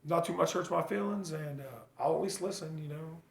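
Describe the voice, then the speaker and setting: Blunt, gravelly-voiced man in an echoey room. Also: on the high side, slight background noise. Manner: blunt, earnest, swears freely; halting, full of fillers and restarts. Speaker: father sharing his recovery story. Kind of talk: casual personal vlog monologue.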